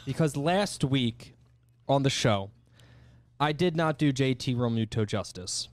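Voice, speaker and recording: A man's voice: mid-range voice, lively intonation, unhurried, no echo. A man co-hosting a sports podcast, earnest and reeling off stats as he corrects himself. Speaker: podcast co-host. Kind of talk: casual sports chat and rants.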